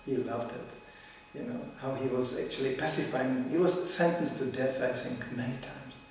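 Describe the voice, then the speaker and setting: This man's voice is mid-range and a little mellow, with fairly even intonation and a normal pace. He gives a relaxed scripture class full of stories, playing out what people say in small voices and laughing often. The sound comes from a distant mic in a spacious hall, with a low hum underneath.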